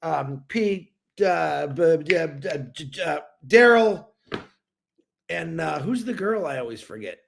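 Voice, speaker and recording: A man's voice: on the high side, animated, a little slow, vocal fry, slight background noise. A man co-hosting a livestream, rambling and stumbling over words in casual chat over a video call. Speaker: livestream co-host.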